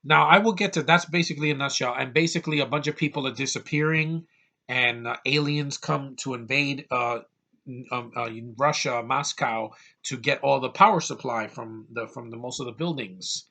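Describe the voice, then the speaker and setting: Bright-voiced man ranting a movie review. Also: mid-range voice, moderate pace. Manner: blunt, ranting, profane, many fillers. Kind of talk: casual rant-style movie review. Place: small hot room with a fan.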